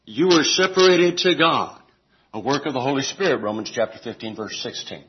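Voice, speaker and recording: A man teaching a Bible study group in an informal, deliberate way, stressing words and adding homely asides and self-corrections. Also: mid-range voice, expressive, muffled recording.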